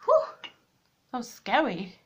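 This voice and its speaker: A woman's voice: fairly high pitch, huge pitch swings, slow pace, breathy edge. A young woman chatting to viewers while she does her makeup at a desk at home, rambling and poking fun at herself. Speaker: beauty vlogger. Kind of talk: chatty get-ready-with-me vlog. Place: room at home, at a desk with a mirror.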